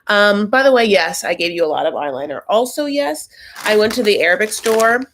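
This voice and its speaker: Host, woman, casual live-stream recap delivery, chatty and tangential with animated high spikes. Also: fairly quick.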